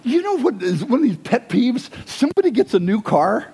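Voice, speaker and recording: A man preaching a sermon as pastor, conversational and animated, asking his listeners questions and dropping to hushed asides. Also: extremely high pitch, moderate pace, slightly rough. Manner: animated, swings between loud and hushed; conversational, asks the congregation questions.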